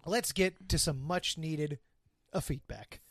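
Sardonic podcast co-host, mid-pitched voice, dry close mic, teasing banter. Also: slow, slightly rough, no room sound. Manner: sardonic, teasing, swears freely. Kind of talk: casual chat.

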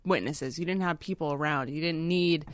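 Deep-voiced blunt woman, dry sound. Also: moderate pace, no echo. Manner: blunt, skeptical. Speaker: podcast co-host. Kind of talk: casual chat.

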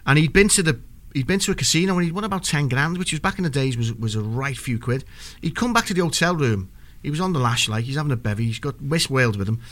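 A man's voice: mid-range voice, animated, fast talker, hardly any pauses, a bit bright. A man, co-hosting a casual football chat and telling rambling anecdotes with lots of restarts. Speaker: podcast co-host.

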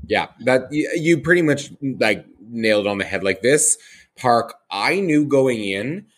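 A man's voice: mid-range voice, animated, a little slow, a bit bright. Chatty, enthusiastic male podcast host. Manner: chatty and enthusiastic, with many fillers and restarts. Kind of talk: casual podcast chat.

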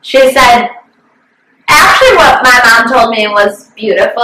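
A woman's voice: a little high, bright, forceful tone, slight background noise. A young woman in her twenties chatting casually, telling an emotional story candidly and swearing freely. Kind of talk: casual chat. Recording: roomy, distant from mic.

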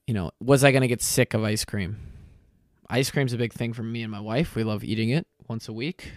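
A young man hosting his own podcast in casual chat, tired and lightheaded from fasting, rambling and correcting himself with lots of fillers. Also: medium pitch, clean tone, no echo, studio quality. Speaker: podcast host. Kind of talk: casual solo podcast talk.

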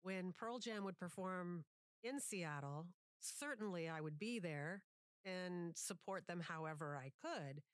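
A middle-aged woman, a radio DJ, chatting casually and easygoing, quick to laugh. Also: fairly low pitch, expressive, no room sound, studio quality. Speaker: radio DJ and voice-over artist. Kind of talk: casual chat.

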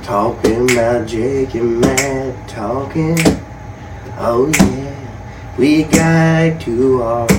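A man's voice: medium pitch, steady tone, very slow. A man giving a rowdy, hyped-up chanting outro for the show. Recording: noisy, roomy, distant mic.

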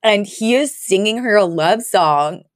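With an unhurried, medium-pitched voice, a woman co-hosting a podcast casually walks through a sitcom episode. Her storytelling is animated, complete with acted-out character lines and laughter, in clean studio sound without echo.

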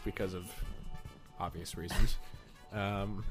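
A man's voice: on the low side, moderate pace, music in the background. A young man co-hosting a casual podcast, rambling and teasing his friend in a joking way. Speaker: podcast co-host. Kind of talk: casual chat. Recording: faint background noise.

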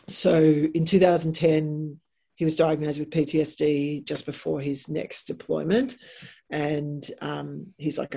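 An Australian woman with a gravelly, husky voice tells stories in a relaxed chat. She gets animated and acts out the people she quotes. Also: low voice, normal speed. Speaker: guest. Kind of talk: casual storytelling.

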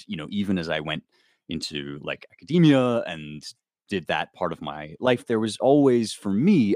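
Here a guest author, an American man in his thirties, has a deep voice with a darkish tone. Recorded in a studio with no echo, he explains things casually in an interview, using lots of fillers and restarts.

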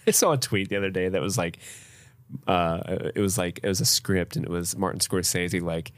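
A man's voice: low voice, moderate pace, pauses often, a bit bright. A man co-hosting a film podcast in a casual chat, playfully recapping scenes and acting out the characters. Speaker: podcast co-host.

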